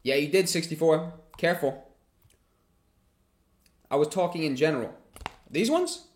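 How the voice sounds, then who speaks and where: A man runs a relaxed livestream, reading viewers' questions aloud and answering them in an easy, chatty way. He swears freely as he talks. His voice sits slightly higher than most men's. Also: a little slow. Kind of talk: casual livestream Q&A.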